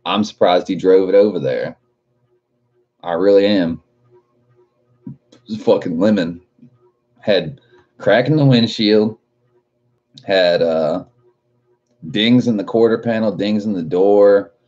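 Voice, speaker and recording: Deep-voiced laid-back young man streaming. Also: takes it slowly, long pauses, a little mellow, dull audio. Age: 20s. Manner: laid-back, swears a lot, laughs often. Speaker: livestream host reading chat. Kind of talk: casual livestream chat.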